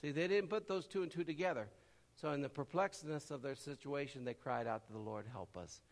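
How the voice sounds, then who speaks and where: A man preaches briskly, with a long reverb tail trailing his words. He shifts from loud cries to quiet murmurs and performs the voices of people in his stories.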